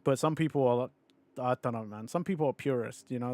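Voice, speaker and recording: Laughing, animated male streamer. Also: medium pitch, fairly quick. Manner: animated, laughing, swearing, mocking others in put-on voices. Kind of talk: casual live-stream chat.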